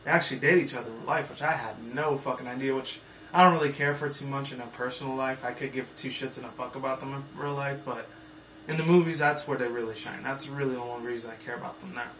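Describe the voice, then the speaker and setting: A man's voice: mid-range voice, fairly even intonation, quick pace, a bit bright. Young man, casual rambling review, lots of swearing and ums, echoey room, faint background hiss. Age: 20s. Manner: profane, rambling, many fillers. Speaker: movie reviewer. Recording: echoey room, mic far off, faint noise.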